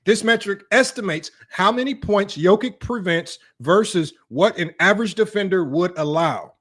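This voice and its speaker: A man's voice: high voice, fairly bright tone. A young man hosting a live sports analysis stream, reading stats aloud and talking bluntly and sarcastically to viewers as y'all. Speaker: sports commentary host.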